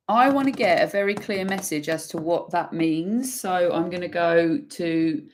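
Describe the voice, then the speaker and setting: A woman giving an intuitive tarot energy reading, emphatic and swearing freely, pausing and restarting as she pulls cards. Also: lowish voice, a little mellow, a little hiss or hum. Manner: pauses and restarts while pulling cards. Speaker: tarot reader.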